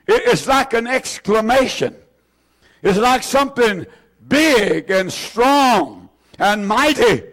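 A male preacher with a high voice delivers a sermon at an unhurried pace. He repeats key phrases for weight, and his emphasis builds until he shouts at the peaks.

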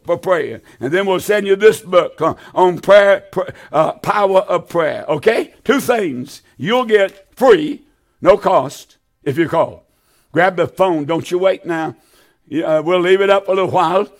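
A man preaching a televised sermon, pleading fervently with his listeners and repeating his appeals over and over. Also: high voice. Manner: fervent, pleading, repetitive exhortation.

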